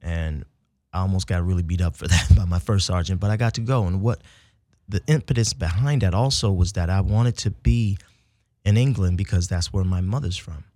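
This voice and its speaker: An American man from the south side of Chicago, a military veteran, telling stories in an animated way as an interview guest. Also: low-pitched, fairly quick, no room sound, clean studio sound. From United States (south side of Chicago). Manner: animated storyteller who swings from hushed to loud and laughing, says "y'all" and "baby". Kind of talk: casual storytelling conversation.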